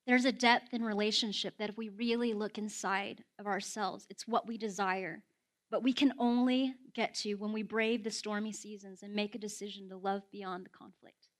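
A woman preaching a sermon, telling a story and acting out the quotes with rising excitement. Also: medium pitch, normal speed.

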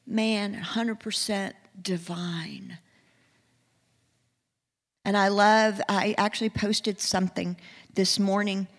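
A woman preaching a sermon, earnest, moving from hushed and soft passages to rising, emphatic ones. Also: mid-range voice, long reverb tail.

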